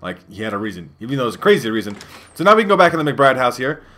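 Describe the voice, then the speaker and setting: Young man, let's play commentary, rambling and profane, rapid, bright tone. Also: medium pitch, very animated, slight background noise. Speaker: gaming youtuber.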